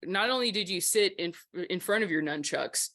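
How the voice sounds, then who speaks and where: A woman hosts a podcast interview in a casual, chatty way, full of enthusiasm and quick laughs. Her voice is bright and forward. The sound is close and dry. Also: lowish voice, animated, dry recording. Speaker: podcast host.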